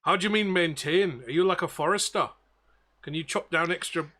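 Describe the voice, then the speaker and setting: A man voicing a gruff, worried male ship captain with a rough put-on Belfast accent in a tabletop game. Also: on the high side, brisk, bright, forceful tone. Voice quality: rough, self-admitted poor accent.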